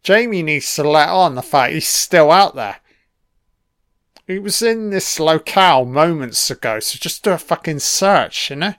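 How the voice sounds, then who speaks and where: A man's voice: a little high, expressive, a little slow, fairly bright tone, no echo, studio quality. Foul-mouthed British man heckling a film. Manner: profane, heckling the screen. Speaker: film commentator. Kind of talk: audio film commentary.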